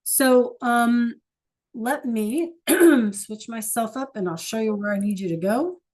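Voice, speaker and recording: A woman with a fairly high voice leads an online class as a teacher. She talks patiently and coaxingly and keeps firing questions at her students. Her voice comes through a computer mic on a video call. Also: slow pace, darkish tone. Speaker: Spanish teacher.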